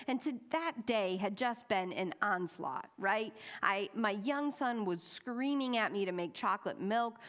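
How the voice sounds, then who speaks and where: A woman's voice: mid-range voice, fairly bright tone. A middle-aged woman minister giving a sermon, telling a personal story with wry humor and acting out the lines of the people in it. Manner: wry storytelling with acted-out quotes.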